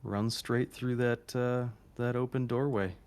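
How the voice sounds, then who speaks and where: A man's voice: mid-range voice, steady tone, a little slow, darkish tone, clear, resonant tone. A man playing a tabletop game, describing his moves casually and hesitantly with frequent ums. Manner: hesitant, many ums and uhs. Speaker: player.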